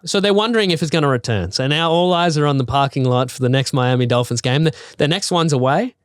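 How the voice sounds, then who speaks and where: Smooth-voiced man, casual chat. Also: fairly high pitch, quick pace, no room sound, studio quality. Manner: relaxed storyteller, many "like" and "you know" fillers. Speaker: podcast co-host.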